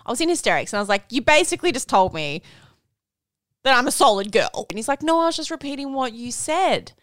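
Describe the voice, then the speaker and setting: An Australian woman in her thirties co-hosts a podcast, telling a story in casual chat with lots of laughter in a giggly, animated way. Her voice is high and quick, and the recording is dry.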